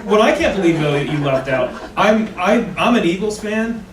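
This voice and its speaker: A man's voice: sits high, expressive, moderate pace. A male comedian on a live panel who stammers as he starts and makes fun of himself as a nerd. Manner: stammering starts, nerdy, self-mocking. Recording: roomy stage sound from far off, crowd.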